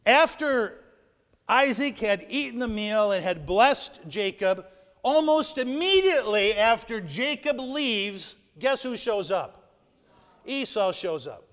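High-pitched preacher guy telling a bible story, booming then quiet, big echoey church. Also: takes it slowly. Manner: animated storytelling, swings from loud to hushed asides. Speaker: pastor. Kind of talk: sermon retelling a Bible story. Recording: long hall reverb.

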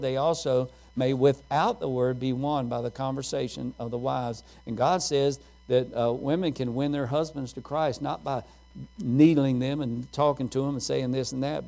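A man's voice: mid-range voice, vocal fry, dark tone. A man preaching a sermon, quoting scripture and telling homespun stories in a folksy manner.

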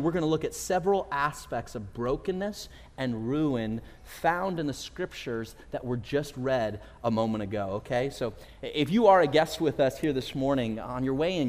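A man preaching a sermon to his congregation, telling a self-deprecating story from his youth with lively, animated delivery in a church sanctuary. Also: mid-range voice. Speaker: pastor. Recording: long reverb in a large hall.

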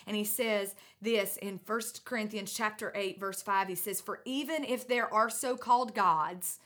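A woman preaching a sermon, out of breath, earnest and emphatic, moving between loud urging and hushed lines. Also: medium pitch, normal speed, hardly any pauses.

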